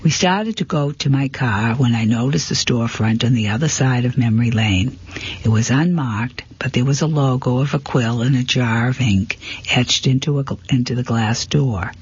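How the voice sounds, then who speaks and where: A man narrating a first-person mystery story in a steady, plain manner, on a dull, lo-fi recording. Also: medium pitch, normal speed, husky, no echo. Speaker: audiobook narrator. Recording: dull, lo-fi, dry.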